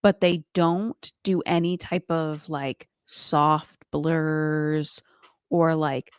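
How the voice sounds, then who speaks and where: This woman's voice sits low and is clear and resonant, with flat delivery at an extremely slow pace. Co-hosting a podcast in casual chat, she says "like" a lot and quotes people in playful voices. Studio quality, no echo.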